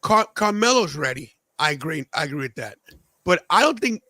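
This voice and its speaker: Young man, podcast host, high pitch, excitable casual chat, dry close sound. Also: a little fast, no echo. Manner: excitable, animated reactions. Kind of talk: casual live watch-along chat.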